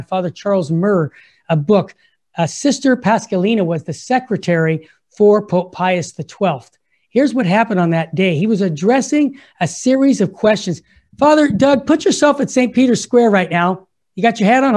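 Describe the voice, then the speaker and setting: A man hosting a Catholic radio talk show who tells stories with growing excitement and gets carried away. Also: high-pitched. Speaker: radio host.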